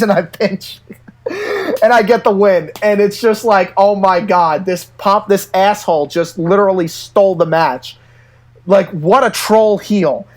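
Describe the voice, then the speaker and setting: A man in casual chat, telling stories in an animated way and laughing often. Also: high voice. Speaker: podcast co-host.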